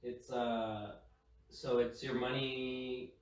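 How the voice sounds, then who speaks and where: Young guy podcast host, tells stories all animated, does the voices, swears a lot, kinda far off the mic. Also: medium pitch, drawn-out words, slight background noise. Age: young adult. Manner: animated storyteller, acts out quotes, swears freely. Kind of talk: casual chat, storytelling. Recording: echoey room, mic at a distance.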